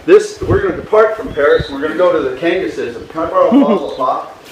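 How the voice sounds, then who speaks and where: A middle-aged man giving an outdoor hang gliding lesson, animated and mimicking instrument beeps. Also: quick pace, roomy sound, slight background noise, low-quality recording. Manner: animated, imitates vario beeps with rising pitch. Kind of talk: outdoor flying lesson talk. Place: outdoors at a mountain flying site.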